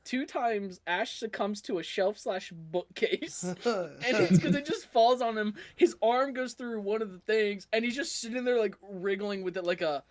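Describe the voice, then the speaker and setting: A woman's voice: medium pitch, moderate pace, darkish tone. A woman co-hosting a podcast, chatting animatedly about horror films and laughing often. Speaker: podcast co-host. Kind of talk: casual film discussion.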